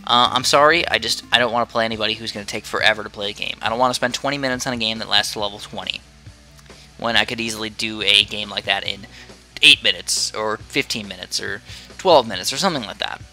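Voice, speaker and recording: A man's voice: on the low side, quick pace, pushed and bright, soft background music. A man chatting casually into a headset as he plays and comments on a tower defense game from his room, rambling and easily distracted. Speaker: gaming commentator.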